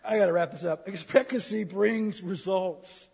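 A man's voice: sits high, normal speed, creaky, darkish tone, slightly rough. A man preaching a humorous sermon, teasing the congregation and acting out grumbling complaints. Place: church sanctuary. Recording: reverberant church hall.

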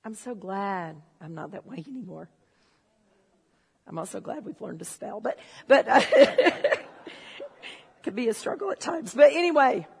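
A woman preaching a sermon in a church, telling stories and swinging from low, confiding talk to shouted excitement. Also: slightly rough. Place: church hall. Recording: long hall reverb.

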